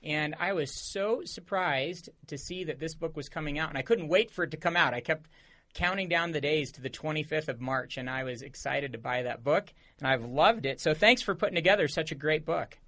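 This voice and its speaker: A male radio host greets and thanks his guest with eager enthusiasm. His voice is bright and forceful, pitched a bit high for a man, and he leans into his words with keen energy. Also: fairly quick. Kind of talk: radio interview hosting.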